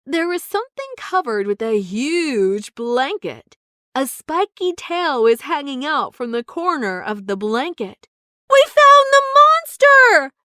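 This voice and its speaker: A woman narrating a children's story in a slow, clear storytelling way. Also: high-pitched, big pitch swings, no echo, studio quality.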